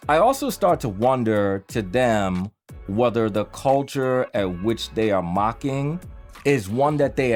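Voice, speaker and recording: A man with a New York accent ranting to camera about voiceover from his home studio, emphatic and conversational with animated bursts. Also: mid-range voice. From New York, USA. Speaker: voiceover artist and YouTuber. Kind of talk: direct-to-camera opinion rant.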